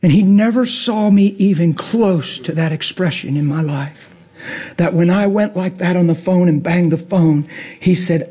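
Man, pastor, impassioned sermon, high voice, husky, in a church. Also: normal speed, warm tone. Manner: impassioned preaching with big pitch swings.

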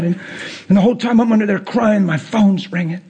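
A man preaching a passionate sermon as pastor of his church, swinging from quiet to loud. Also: steady tone, brisk, breathy edge. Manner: impassioned preaching with big pitch swings.

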